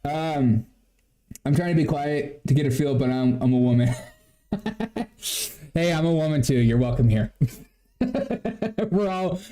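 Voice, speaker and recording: A man's voice: medium pitch, mellow. A man hosting a comedy livestream, talking to viewers in a mocking, laughing, chatty way. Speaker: livestream host. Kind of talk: sarcastic comedy livestream commentary.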